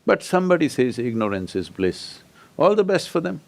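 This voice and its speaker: Emphatic man with lively pitch. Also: moderate pace, vocal fry, slight background noise. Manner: emphatic, challenging, keeps prodding listeners with questions. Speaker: spiritual teacher. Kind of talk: public talk to an audience.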